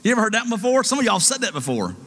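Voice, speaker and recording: Emphatic preacher in a reverberant hall. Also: male voice, high voice, big pitch swings, very fast, fairly bright tone. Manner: emphatic, call-and-response with congregation. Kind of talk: sermon.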